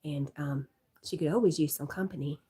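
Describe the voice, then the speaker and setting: A woman with a soft, breathy, slightly low voice chats easily on a livestream. She reads out viewers' comments and answers them in a relaxed, friendly way, close to the mic. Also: a little fast. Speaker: livestream host reading chat. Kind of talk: casual chat.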